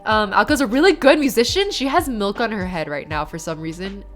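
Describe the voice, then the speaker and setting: A young woman streamer reads documents aloud flatly and chats with her viewers, turning tearful and giggly. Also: mid-range voice, a little fast, faint music behind. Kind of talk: live-stream reading and chat.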